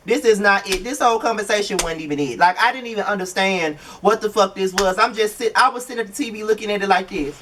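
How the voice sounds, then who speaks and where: A man's voice: sits high, brisk, hardly any pauses, bright, forceful tone, recorded from a distance, slight background noise. A man giving blunt, profane, exasperated commentary while reviewing a reality TV show. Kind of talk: casual video commentary.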